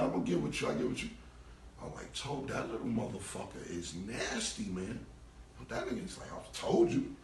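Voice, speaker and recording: A man's voice: mid-range voice, gravelly. A man telling a long, profane story on a phone livestream, loose and casual, acting out the people in it. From New York. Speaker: rapper telling stories on a livestream. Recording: roomy, distant phone audio with faint noise.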